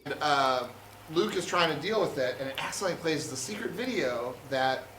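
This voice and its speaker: A man, a comedian guest, retelling a movie plot in an animated, rambling way with deadpan asides, in an echoey room. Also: a little high, a little fast, far from the mic, a little hiss or hum.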